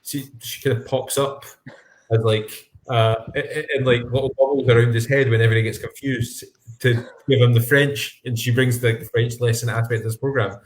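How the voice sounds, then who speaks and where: A man's voice: medium pitch, steady tone, moderate pace. Young male co-host, mid-range voice, meandering storyteller, roomy and echoey recording. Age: young adult. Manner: rambling, restarting sentences as he recalls. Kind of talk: casual podcast chat.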